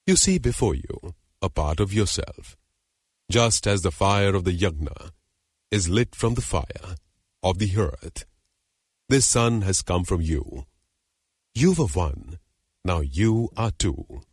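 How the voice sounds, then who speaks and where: A man reading the part of a proud, wronged young woman, a hermit's daughter, in an audiobook legend, with measured, formal, dignified delivery. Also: deep voice, lively intonation, breathy edge, dry recording, studio quality, heavily acted. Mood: pleading.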